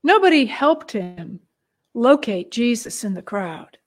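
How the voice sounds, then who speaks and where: High-voiced woman telling a Bible story. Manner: expressive, with hushed moments and long pauses.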